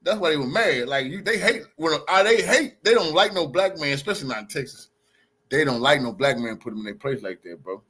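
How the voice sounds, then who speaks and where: A man's voice: a little high, animated, fairly quick, pushed and bright, breathy edge. A man livestreaming, telling a story in a brash, heated way with constant swearing. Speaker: livestream host. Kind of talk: profane casual storytelling.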